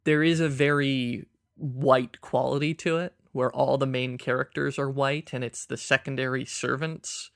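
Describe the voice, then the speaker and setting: A man's voice: mid-range voice, little pitch movement, moderate pace, creaky, few pauses, fairly bright tone, no room sound, clean studio sound. A man co-hosting a casual film podcast, thoughtful and searching for words with frequent restarts. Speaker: podcast co-host.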